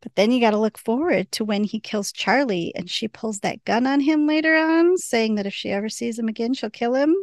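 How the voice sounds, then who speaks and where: A woman's voice: a little high, fairly quick, hardly any pauses, no room sound, studio quality. A woman casually recapping a TV episode on a podcast, chatty and laughing often as she quotes the characters. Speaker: podcast co-host.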